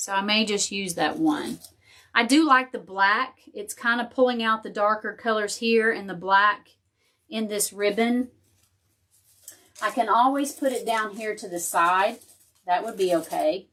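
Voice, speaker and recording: Woman, casual crafting tutorial, thinking aloud, middle pitch. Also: measured pace, fairly bright tone. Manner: chatty, thinking aloud while working, talks to viewers and her dog.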